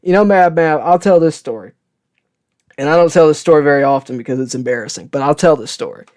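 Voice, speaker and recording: A man on a live sports stream, talking loosely and rambling as he answers viewer questions, dropping fillers like "uh" and "okay?" along the way. His voice sits a little high for a man and comes through smooth and clean. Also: fast talker, darkish tone. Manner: casual, rambling storyteller with frequent "uh" and "okay?". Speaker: sports show host.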